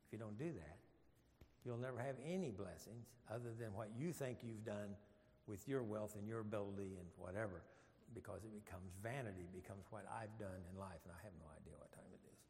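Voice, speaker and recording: A man's voice: on the low side, fairly quick, a little mellow, big-room sound, slight background noise. A man leading an informal Bible study, folksy and joking, with rambling asides.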